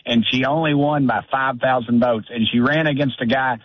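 A man's voice: medium pitch, fairly even intonation, moderate pace. A congressman calling in by phone, talking in a blunt, indignant, folksy way. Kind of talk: fiery political call-in. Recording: dull lo-fi call-in line.

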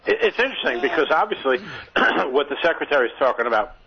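A man co-hosting a political talk radio show, measured and deliberate, stressing key words. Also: medium pitch, sing-song. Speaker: radio co-host, commentator. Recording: dull lo-fi radio sound.

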